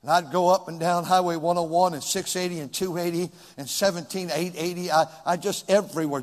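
A man preaches in a high, ringing voice, his sermon rising to shouts and dropping to hushed pleas with long dramatic pauses. The sound carries a long reverb from a large hall. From California.

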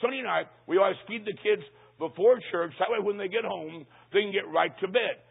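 A matter-of-fact churchgoing mother, plain-spoken and voiced by a man. A gravelly, husky tone over a thin, phone-like line. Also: sits high, brisk, heavily acted. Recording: tinny lo-fi line.

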